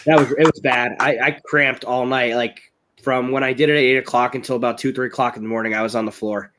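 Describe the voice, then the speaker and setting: An American man recovering from illness, telling stories in a rambling, excitable way on a live video call. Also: medium pitch, quick pace. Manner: rambling, excitable storytelling, raises voice when recounting. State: ill, voice strained. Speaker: guest, chili-eating champion. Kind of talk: casual live-stream chat. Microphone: webcam on a live video call.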